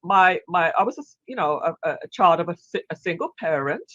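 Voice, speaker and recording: Lively chatty woman from England. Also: lowish voice, brisk, no echo, highs cut off. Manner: chatty, laughs easily, with restarts. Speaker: guest. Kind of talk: casual video call interview. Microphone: video call.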